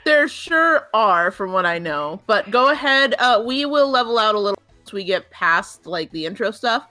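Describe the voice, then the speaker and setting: A woman's voice: medium pitch, animated, normal speed, sharp tone, dry recording, soft background music. A woman co-hosting a game stream who reads chat messages aloud and banters in a chatty, amused way. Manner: chatty and amused, laughing often. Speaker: co-host reading chat.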